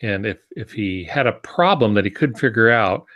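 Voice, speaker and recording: A man who writes novels, talking on a writing podcast in a reflective, storytelling way with thoughtful pauses. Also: fairly low pitch, expressive, fairly bright tone, no echo, lo-fi sound. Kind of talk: casual podcast chat about writing.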